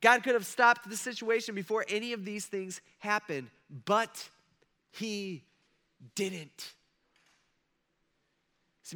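A high-sitting, sharp-toned man's voice delivers a sermon. The pastor talks conversationally, frequently turning to his listeners with asides and check-ins.

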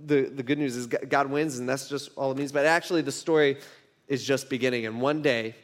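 A man's voice: mid-range voice, fairly even intonation, brisk. A man preaching a sermon in a conversational way, often repeating words and asking his listeners questions. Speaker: pastor.

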